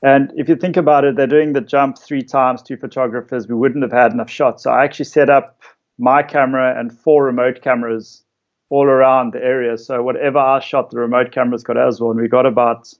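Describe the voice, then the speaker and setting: A man, a photographer casually telling stories about his shoots in a relaxed way, with lots of fillers. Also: medium pitch, brisk, muffled recording. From South Africa. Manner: relaxed storytelling with many fillers. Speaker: interviewed photographer. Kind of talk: casual conversation.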